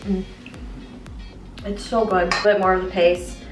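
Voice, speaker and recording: A woman's voice: medium pitch, level tone, measured pace. A woman hosting a casual cooking video in her home kitchen, chatty and playful with jokey asides. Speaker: cooking vlogger. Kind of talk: casual cooking demo chat. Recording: roomy echo, mic at a distance, faint music.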